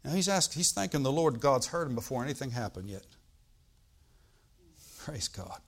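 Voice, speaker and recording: A man preaching a sermon, reading scripture aloud and explaining it, swinging from loud bursts to quiet asides. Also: medium pitch, normal speed. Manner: animated preaching, bursts loud on quoted lines then drops quiet; reads old-style scripture, asides with "all right?".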